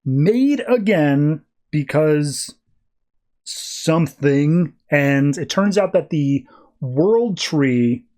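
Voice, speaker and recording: A man's voice: a little high, expressive, very slow, a little mellow. A man hosting a podcast, chatting casually and animatedly as he recaps and reviews comics. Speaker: podcast host.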